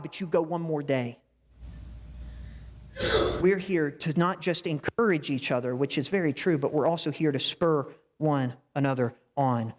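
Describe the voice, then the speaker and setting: A man delivers a sermon in a church sanctuary, speaking in a conversational way with frequent asides to the congregation. His voice sits fairly high. The sound carries a long reverb from the hall. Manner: conversational preaching with audience asides. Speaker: preacher.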